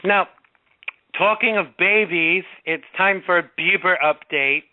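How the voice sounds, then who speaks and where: A man's voice: high-pitched, unhurried. Male talk radio host on a tinny line. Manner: hesitant, lots of restarts, jokey. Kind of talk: casual talk-radio chat. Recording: tinny phone-line sound, dry.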